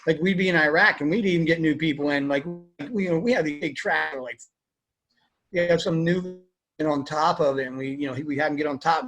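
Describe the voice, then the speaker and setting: Rambling young army veteran, fairly high voice. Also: male voice, fairly even intonation, a little fast, a bit bright, faint music behind. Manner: rambling, many fillers like "you know". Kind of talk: casual interview answers.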